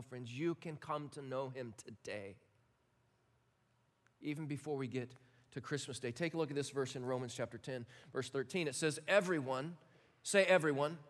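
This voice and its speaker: A man preaching a sermon as pastor, animated and emphatic, swinging from shouted lines to hushed ones and often repeating himself. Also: medium pitch, long reverb tail. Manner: repeats words and restarts often.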